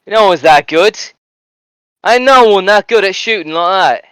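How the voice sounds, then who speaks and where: A man's voice: high-pitched, lively intonation, measured pace, a bit bright, smooth, no echo, voice pushed up. A man voicing a sneering, foul-mouthed male heckler who scoffs and throws accusations. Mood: scoffing.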